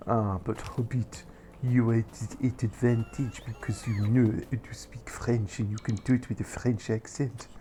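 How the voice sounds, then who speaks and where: A man's voice: mid-range voice, fairly even intonation, measured pace, hardly any pauses, lightly acted. A man putting on a whispered, teasing voice of an imagined male heckler. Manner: hushed, unvoiced whisper.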